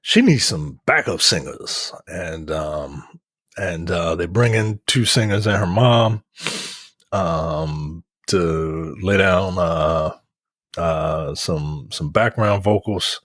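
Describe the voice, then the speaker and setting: A man's voice: deep voice, slow, a bit bright, no room sound, clean studio sound. A man on a film review podcast, casually retelling scenes with profanity and acting out characters in exaggerated voices.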